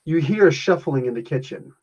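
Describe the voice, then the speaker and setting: A man's voice: a little high, lively intonation, brisk, darkish tone. Rambling man from New Jersey, dull sound. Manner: rambling, chuckling narration with fillers. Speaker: game master. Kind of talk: narrating a tabletop game.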